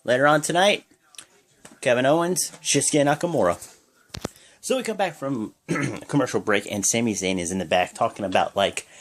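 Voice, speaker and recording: A man giving a casual, rambling play-by-play recap of a wrestling show. He strings events together with "and then" and "pretty much" and jumps into higher bursts on big moves. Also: a little hiss or hum.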